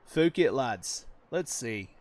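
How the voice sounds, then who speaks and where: A man's voice: medium pitch, animated, slow, a little mellow. A man giving casual, chatty commentary over his own gameplay, swearing freely and laughing often as he talks to his viewers. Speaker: gaming channel host.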